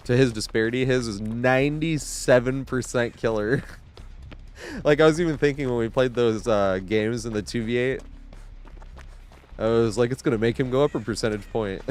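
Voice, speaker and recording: A man's voice: medium pitch, measured pace, long pauses. A man streaming live gameplay, rambling in casual commentary, swearing and laughing often. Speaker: game streamer.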